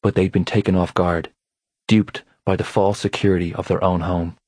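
A male narrator reads a novel in a measured, steady way, his voice very low with a husky grain. The sound is dry and close, with no room around it, as in a studio booth. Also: dry recording. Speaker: audiobook narrator. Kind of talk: scripted narration.

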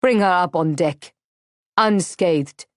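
A woman voicing a calm, curt male slave master who gives orders. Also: on the low side, slow pace, no room sound, studio quality. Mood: stern.

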